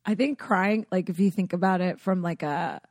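A woman co-hosting a podcast in casual chat, animated and quick to laugh, swearing freely. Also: on the low side, no room sound, clean studio sound. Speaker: podcast co-host.

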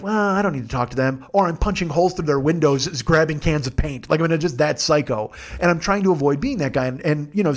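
A middle-aged man hosting a comedy podcast, ranting through a long profane story with self-mocking asides. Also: fairly high pitch.

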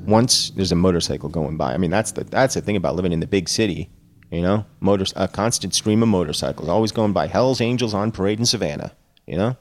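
A man's voice: low voice, quick pace, slight background noise. A man giving casual, sarcastic commentary with slangy asides between readings from a classic novel. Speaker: book reader and commentator.

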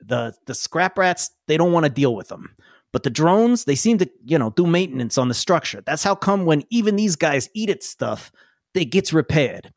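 A man puts on an eager male alien mechanic with a tail for a tabletop game, rambling on in drawling slang. The voice sits fairly high and swoops up and down. It is recorded close and dry. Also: sing-song, moderate pace, no room sound. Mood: explaining.

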